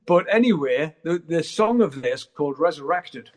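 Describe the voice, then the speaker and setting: A man's voice: high-pitched, animated, measured pace. A middle-aged man, chatting candidly as an interview guest and swearing freely as he rambles. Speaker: guest musician. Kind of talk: casual interview chat.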